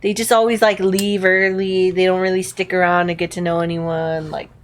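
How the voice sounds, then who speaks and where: A woman's voice: on the low side, flat delivery, moderate pace. A young woman co-hosting a podcast in casual chat, blunt and emphatic, swearing for effect. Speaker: podcast co-host.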